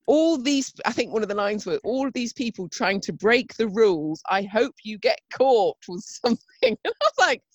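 A woman chats on a podcast, joking at her own expense and laughing often. Her pitch rises and falls a lot, and her voice sounds dry and close. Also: big pitch swings, normal speed, hardly any pauses, no echo, lo-fi sound. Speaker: podcast co-host. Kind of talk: casual chat.

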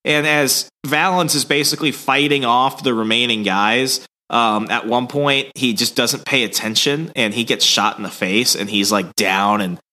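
A man co-hosting a comics podcast, retelling a story in a casual, animated way and acting out the characters' lines. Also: moderate pace, hardly any pauses. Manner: acts out characters' lines with raised pitch. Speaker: podcast co-host. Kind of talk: casual comic book recap.

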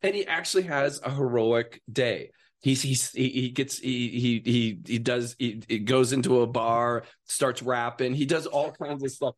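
A man's voice: mid-range voice, measured pace. A man from Wisconsin, a writer and actor, chatting as a studio guest and telling a long, rambling story full of restarts. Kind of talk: casual studio chat.

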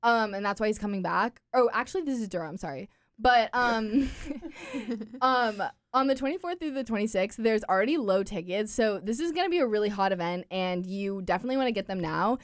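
A young woman co-hosting a podcast, presenting an events segment in a relaxed way with filler "um"s. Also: medium pitch, fairly quick, no echo, clean studio sound. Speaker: podcast co-host.

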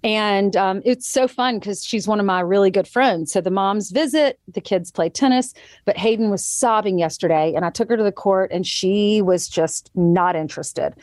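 A woman's voice: medium pitch, normal speed, few pauses, a little mellow, dry recording, studio quality. A woman in her thirties chatting as a guest and telling a parenting story, quoting others vividly as she goes. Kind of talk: casual chat.

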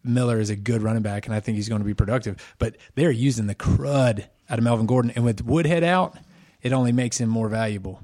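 A man's voice: mid-range voice, fast talker, darkish tone. A man co-hosting a casual sports chat, giving plain-spoken, brief picks and opinions. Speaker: co-host.

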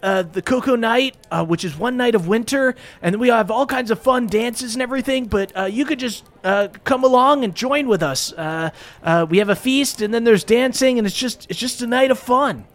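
A man's voice: extremely high pitch, normal speed, pitched above the performer's own voice. A man voicing a jovial, friendly ape king at a feast, with a raised, bouncy voice. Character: jovial male ape king, Donkey Kong.

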